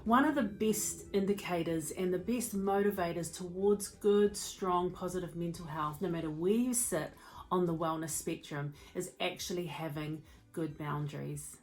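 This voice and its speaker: A woman giving a motivational talk as a mental health speaker and educator, telling stories in an expressive, conversational way. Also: on the low side, moderate pace.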